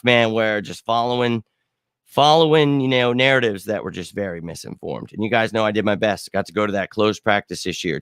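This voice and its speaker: A middle-aged man hosting a fan live stream, chatting casually with viewers in an excitable, slangy way and bursting into shouts now and then. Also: fairly low pitch, no echo, clean studio sound. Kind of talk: casual live chat answering viewer comments.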